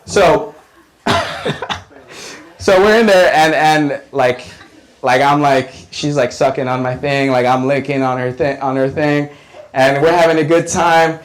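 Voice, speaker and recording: A man's voice: mid-range voice, normal speed, rough recording. A man telling a rambling stand-up story on a comedy club stage, full of fillers and restarts. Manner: rambling, filler-heavy, lively.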